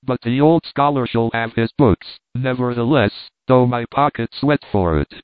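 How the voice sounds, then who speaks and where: A man's voice: mid-range voice, normal speed, no echo, lightly acted. A man voicing a sly, scheming old miser who mutters and gloats. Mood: gloating. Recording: thin phone-like dry sound.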